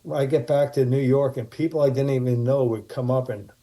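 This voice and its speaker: A man tells loose, meandering stories in casual chat, often restarting his sentences. His tone is very dark and mellow, sitting in a middle pitch. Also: fairly even intonation, brisk. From Martha's Vineyard, USA. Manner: rambling anecdotes with many restarts. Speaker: podcast guest, actor. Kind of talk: casual storytelling.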